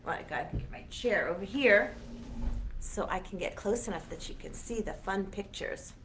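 A woman hosting an online children's storytime as a librarian, reading a picture book aloud in an animated, sing-song way for young children. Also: mid-range voice, moderate pace, slight background noise.

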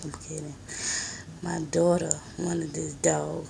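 A young woman in her twenties talks straight into her phone in a cramped apartment, rambling in a hushed, soft-spoken way. Her voice is low and gravelly with a lot of fry. She takes her time and drags each thought out slowly. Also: flat delivery, a little hiss or hum. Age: 20s. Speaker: vlogger and mother. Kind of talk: casual rambling vlog. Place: small apartment.

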